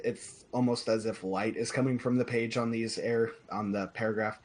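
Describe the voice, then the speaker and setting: Low-voiced man running a tabletop game. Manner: casual, filler-heavy, loosely improvised. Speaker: game master.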